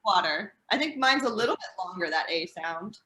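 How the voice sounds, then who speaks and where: A woman's voice: medium pitch, animated, fairly quick, pushed and bright. A woman from Indiana with an American accent, explaining English pronunciation in a casual teaching chat.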